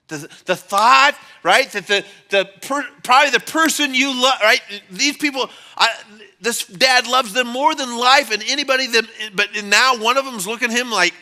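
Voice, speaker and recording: A male pastor preaching a church sermon in a conversational, animated storytelling manner. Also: very high voice, moderate pace. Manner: animated storyteller, acts out quotes in changing voices; conversational, with fillers and restarts.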